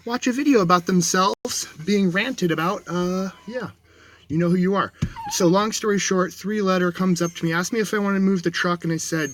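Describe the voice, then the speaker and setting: Bright-voiced agitated man rambling in a vlog. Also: high-pitched, moderate pace, slight background noise. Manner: rambling, restarts and self-corrections; agitated, shaky storytelling. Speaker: livestreamer. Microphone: dashboard camera.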